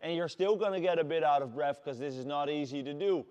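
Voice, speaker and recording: A man with a Dutch accent leading a workout class as fitness coach, shouting energetic encouragement. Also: a little high, fast, highs cut off. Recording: long hall reverb.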